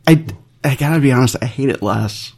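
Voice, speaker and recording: A man co-hosting a casual podcast chat, talking in halting bursts with many restarts and casual swearing. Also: medium pitch, a little mellow. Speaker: podcast co-host.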